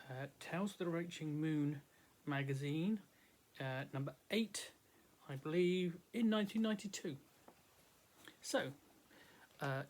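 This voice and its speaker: A man reading a story aloud in a relaxed, folksy narrating voice, with the occasional small slip. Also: a little high, a little hiss or hum. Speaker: audiobook reader. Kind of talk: casual storytelling read-aloud.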